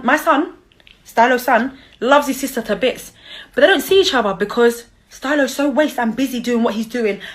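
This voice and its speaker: A young woman with a slightly high voice rants angrily on a live stream, calling out the father of her child. She is confrontational, heated, and mocking, and she keeps repeating herself.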